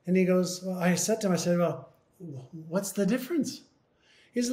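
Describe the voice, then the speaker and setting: Animated man telling a story, roomy sound. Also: high voice, normal speed, pauses often. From Canada. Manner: animated retelling, acting out both sides of the dialogue. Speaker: interview guest. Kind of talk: storytelling in an interview.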